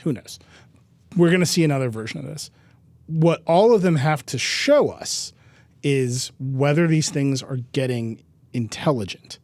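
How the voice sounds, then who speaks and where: A man hosting a casual tech podcast, talking with wry, quick asides. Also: on the high side, lively intonation, a little mellow, no room sound. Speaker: podcast host.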